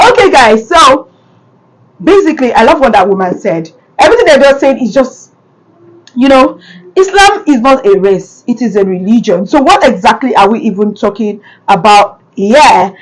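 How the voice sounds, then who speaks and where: A Nigerian woman giving animated commentary on a clip. Her voice sits a little high, and she presses each point home by repeating it. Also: low-quality recording. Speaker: reaction video host. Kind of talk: casual commentary.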